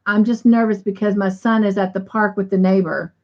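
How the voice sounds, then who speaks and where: A woman's voice: mid-range voice, flat delivery, brisk, darkish tone. A woman hosting a casual livestream, reading viewer comments aloud and leading a short prayer. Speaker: livestream host. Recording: dull lo-fi stream audio.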